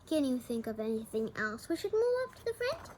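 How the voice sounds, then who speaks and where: A woman voicing a kind, patient male schoolteacher while reading a picture book aloud, asking the class calm, friendly questions. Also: high voice, brisk, slight background noise.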